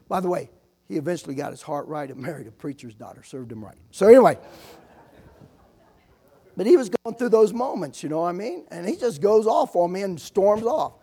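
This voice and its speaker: A man's voice: high voice, lively intonation, brisk, mellow, husky. A man preaching a sermon as a visiting missionary, talking to the congregation in a loose, conversational way and often checking in with "amen?". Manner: conversational preaching with frequent "amen?" asides and acted anecdotes.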